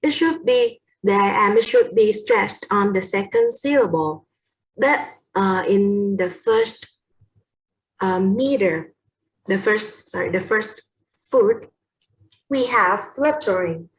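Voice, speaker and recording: Young woman, Vietnamese accent, slow class presentation, hesitant, self-correcting, medium pitch. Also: expressive, low-quality recording.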